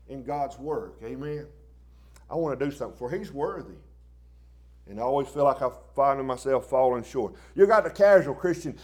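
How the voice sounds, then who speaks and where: A man preaching a sermon in a folksy, plain-spoken way, dropping to quiet asides and rising into loud impassioned bursts. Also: mid-range voice, normal speed, husky.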